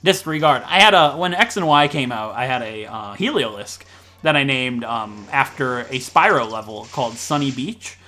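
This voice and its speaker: A man from Ohio with a Midwestern American accent, rambling and joking fast through casual gameplay commentary. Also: mid-range voice, sharp tone, faint music behind. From Ohio, USA. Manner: fast-talking, rambling, jokey. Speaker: let's play commentator.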